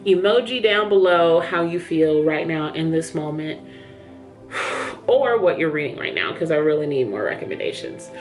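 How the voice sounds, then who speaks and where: A woman's voice: low voice, lively intonation, moderate pace, faint music behind. A woman book vlogger chatting candidly to camera in a small room under studio lights, a little out of breath. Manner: chatty, candid, says "yo" and "y'all". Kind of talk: casual chat to camera.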